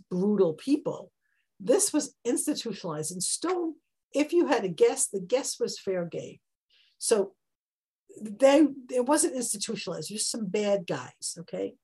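Woman, husky voice, text-study teacher; emphatic, climbs high on questions. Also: poor audio. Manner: animated, emphatic, rising on rhetorical questions. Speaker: Torah teacher.

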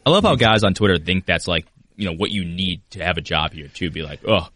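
A man co-hosting a podcast in quick, chatty talk, laughing as he speaks. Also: low-pitched, expressive, fairly bright tone, dry recording. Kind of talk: casual podcast chat.

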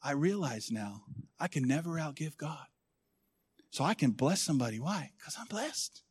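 A middle-aged man preaching a sermon as pastor, swinging from hushed, intimate lows to loud rousing calls to the congregation. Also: lively intonation, moderate pace, slightly rough.

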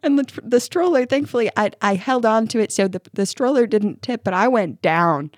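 Mom podcaster chatting, lively storyteller, laughs a lot, dry close mic. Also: female voice, on the high side, moderate pace, no room sound. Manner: animated storyteller, acts out soothing lines, laughs often. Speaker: podcast co-host. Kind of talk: casual parenting chat.

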